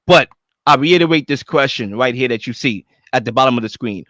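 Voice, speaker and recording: A man's voice: mid-range voice, brisk, dry recording. A man hosting a sports podcast, posing the debate questions and handing the mic to his guests. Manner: lively, animated questioning. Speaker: podcast host.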